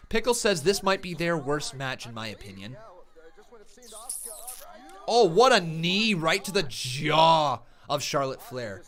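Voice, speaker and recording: A man with a fairly high voice hosts a live wrestling watch-along stream. He calls each move with excitable play-by-play. Between the calls he reads chat comments aloud and laughs often. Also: slow.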